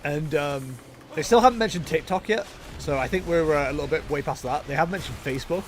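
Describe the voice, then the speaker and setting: Slight background noise accompanies a man with a fairly high voice as he streams a game. He chats casually during play, ribbing himself with jokey asides.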